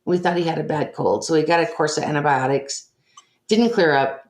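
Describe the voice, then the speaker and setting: In an echoey room, an older woman being interviewed retells a personal experience with earnest emotion, voicing the other people and quoting what they said. She speaks briskly in a low, somewhat dark voice.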